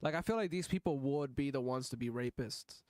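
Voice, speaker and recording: A man's voice: medium pitch, fairly quick, a little mellow, no echo. Blunt, profane male streamer, dry close sound. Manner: blunt, profane, rambling with restarts. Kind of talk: casual live-stream reaction commentary.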